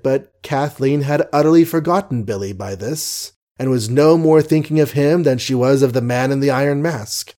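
Wry, mellow-voiced male narrator. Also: mid-range voice. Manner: wry, gently ironic asides. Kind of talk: audiobook narration.

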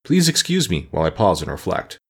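A man voicing a calm, whimsical straw scarecrow king in a storybook reading, with an unhurried, mildly lofty manner. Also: deep voice, gravelly, slightly rough, exaggerated voice. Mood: calm, musing. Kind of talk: audiobook character reading.

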